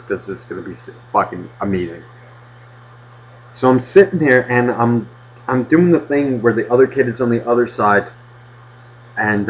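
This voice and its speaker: A man casually telling a rambling childhood story on a podcast, swearing constantly and getting animated. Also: lowish voice. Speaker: podcast host. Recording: dull lo-fi podcast audio.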